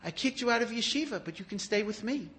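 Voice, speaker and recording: Guy with a high voice preaching, animated storyteller. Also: quick pace. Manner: animated storyteller, rising to emphatic peaks. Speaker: rabbi giving a talk. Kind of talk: storytelling sermon.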